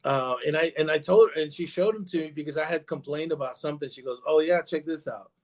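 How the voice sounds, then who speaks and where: A man talking as a podcast guest, his voice sitting a little higher than most men's. He rambles through his story in a casual way, full of fillers, restarts and repeated "you know"s. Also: quick pace. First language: bilingual in Spanish.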